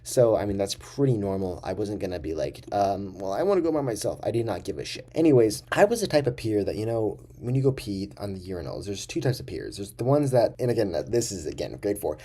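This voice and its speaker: Low, mellow-voiced young man ranting casually. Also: big pitch swings, brisk, hardly any pauses, husky. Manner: rambling, profane, exaggerated storytelling. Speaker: vlogger. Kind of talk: casual storytelling to camera.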